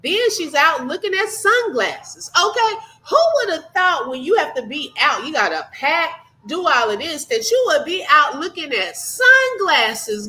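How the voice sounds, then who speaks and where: A woman's voice: high-pitched, big pitch swings, unhurried, bright, forceful tone, low-quality recording. A woman hosting a live reaction stream, chatting casually and thanking viewers by name. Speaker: livestream host.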